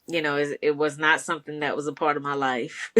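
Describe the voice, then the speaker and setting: A woman's voice: deep voice, steady tone, a little fast, fairly bright tone. A woman co-hosting a podcast in easygoing casual chat, encouraging and laughing often. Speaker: podcast co-host.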